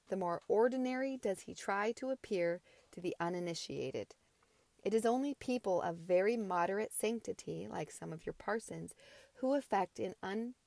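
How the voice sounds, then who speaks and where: Woman narrating an audiobook, low gravelly voice, relaxed, unpolished reading, dry close sound. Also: no echo. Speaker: audiobook reader.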